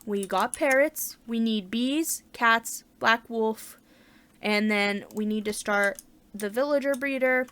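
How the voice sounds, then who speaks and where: Woman gamer thinking aloud, unhurried and slow, bright clear tone, chatty commentary. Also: on the high side. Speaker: gaming channel host. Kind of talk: casual let's-play commentary.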